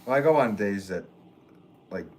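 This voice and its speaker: Low-voiced man chatting in a noisy studio. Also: moderate pace. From northwest Connecticut. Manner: relaxed, rambling, joking, chuckling often. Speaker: potter hosting a livestream. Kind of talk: casual livestream chat, reading viewer comments. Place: pottery studio.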